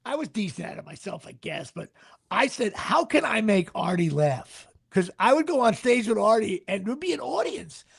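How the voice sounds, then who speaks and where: Middle-aged male actor, high husky voice, rambling casual anecdotes. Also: sing-song, normal speed. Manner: rambling, restarts sentences, sports asides. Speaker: actor guest.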